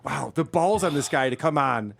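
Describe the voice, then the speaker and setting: A man's voice: medium pitch, animated, moderate pace, creaky. A man co-hosting a podcast, chatting casually and laughing sarcastically at played clips. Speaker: podcast co-host. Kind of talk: casual mocking chat.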